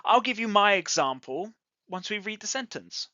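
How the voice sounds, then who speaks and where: A bright, expressive voice with a lively rise and fall in pitch, taking everything slowly as it explains grammar to learners. The sound is close and dry, with a slightly dull, lo-fi quality. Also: no echo. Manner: slow, clearly enunciated teaching delivery. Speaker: English teacher. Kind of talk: ESL grammar lesson.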